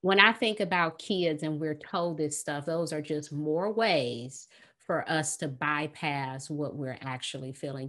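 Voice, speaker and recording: Woman therapist, American, low-ish voice, animated guest who acts out quotes with a laugh. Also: measured pace. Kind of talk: podcast conversation.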